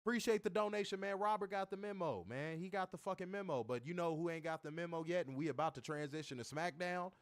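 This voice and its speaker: A young man co-hosting a wrestling review livestream, reading chat comments and trash-talking in a profane, animated way. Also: on the high side, fast talker, few pauses, no room sound, clean studio sound. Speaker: wrestling podcast co-host.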